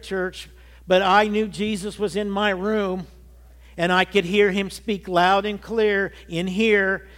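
A man in his early sixties preaching a sermon, giving an earnest personal testimony that builds to emphatic peaks. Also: sits high. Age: 60s. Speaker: pastor.

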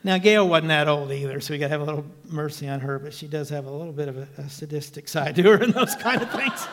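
A man in his sixties preaches from the pulpit, telling his story with earnest emphasis. His voice sits high for a man, and it rings out with a long reverb tail from a large church. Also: a bit bright. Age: 60s. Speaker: evangelist. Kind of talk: sermon testimony.

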